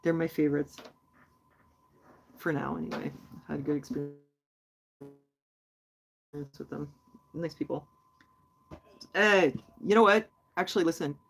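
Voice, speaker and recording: A woman's voice: low voice, steady tone, a little slow, creaky, pauses often. A woman hosting a casual livestream, chatty and rambling as she answers her viewers. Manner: chatty and rambling, many fillers. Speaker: host.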